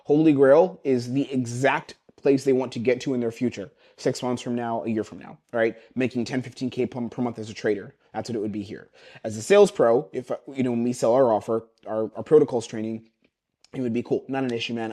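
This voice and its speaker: A man teaches sales calls straight into his webcam, rattling through scripts at a rapid clip. His voice is mellow and dark, with an average pitch, and he slips into the closer's lines as he role-plays them. The sound is plain webcam audio from a home setup. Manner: fast, energetic, acts out closer lines. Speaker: sales coach.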